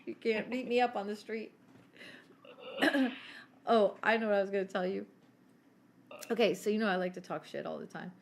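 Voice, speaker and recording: A woman's voice: mid-range voice, fairly even intonation, moderate pace, creaky, pauses often, a little hiss or hum. A woman in her forties telling stories in casual chat as a podcast co-host, brash, laughing and swearing freely.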